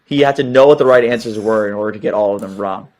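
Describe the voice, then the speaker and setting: A man's voice: fairly low pitch, fast, a little mellow. A man co-hosting a casual review chat, thoughtful with a dry wit. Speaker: co-host.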